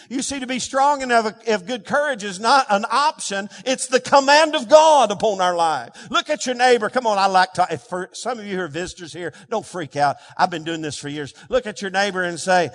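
High-voiced preacher in an echoing hall. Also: male voice, animated, moderate pace, a bit bright. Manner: emphatic, call-and-response with the congregation. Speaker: pastor. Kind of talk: sermon. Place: church sanctuary. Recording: long reverb of a large hall.

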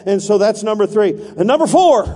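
A man's voice: sits high, animated, normal speed, in a large hall. A man preaching a sermon as pastor, calling for congregation responses and acting out voices.

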